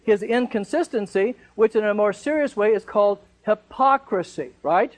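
A man's voice: high voice, lively intonation, normal speed, low-quality recording. A man leading a Bible study, teaching in a conversational way and asking the group rhetorical questions.

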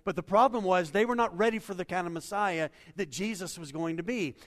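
A man preaching a sermon, animated, acting out quotes and swinging between loud and soft. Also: sits high, fairly quick. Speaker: pastor. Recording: hall reverb.

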